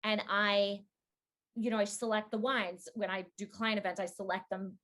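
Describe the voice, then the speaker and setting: A woman hosting a wine conversation, chatty and quick to act out what people said. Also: mid-range voice. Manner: chatty, quoting people in lively asides. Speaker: wine podcast host. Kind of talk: casual chat.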